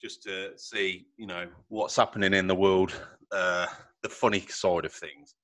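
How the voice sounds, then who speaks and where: Man, podcast host, chatty and jokey, lowish voice, dry sound. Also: level tone, measured pace, no room sound. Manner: chatty, jokey, laughs loudly. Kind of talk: casual podcast chat.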